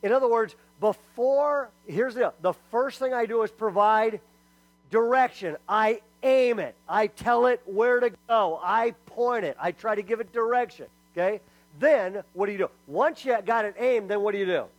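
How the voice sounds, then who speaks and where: A middle-aged man giving a lively sermon-style talk to parents. He is emphatic and humorous, and keeps asking the audience "okay?" after each point. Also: high voice, moderate pace, dry recording, rough recording. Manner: humorous storyteller. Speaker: speaker at a church parenting talk.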